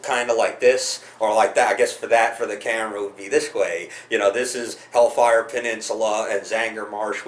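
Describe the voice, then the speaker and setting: A man's voice: on the low side, fairly bright tone, roomy sound. A man talking casually to camera about a game, rambling with many restarts and frequent swearing. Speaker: gaming video host.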